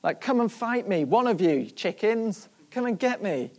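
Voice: medium pitch, sing-song, normal speed, a little mellow, pitched above the performer's own voice. A preacher acting out a boastful giant warrior who taunts an army in a raised, mocking voice. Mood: taunting.

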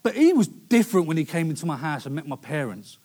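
A man's voice: fairly high pitch, sing-song, fast talker, darkish tone, husky. A young man preaching a sermon in a conversational way, with storytelling asides.

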